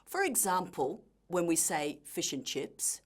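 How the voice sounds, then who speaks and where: Woman teacher, scripted instructional read, slow and deliberate, animated intonation. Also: lowish voice. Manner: slow, deliberate explanation of pronunciation points. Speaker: language teacher.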